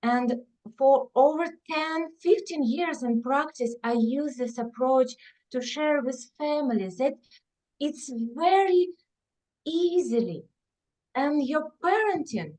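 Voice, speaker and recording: A woman with English, speaking as a guest parenting expert on a podcast, explaining in an earnest, gentle way. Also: fairly high pitch, rough recording. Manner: earnest, gentle, non-native phrasing.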